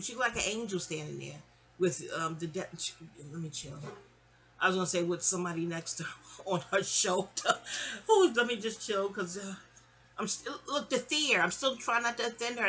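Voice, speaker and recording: Bright-voiced, chatty middle-aged woman storyteller. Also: mid-range voice, fairly quick. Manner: chatty and animated, acting out quoted voices. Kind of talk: casual storytime monologue.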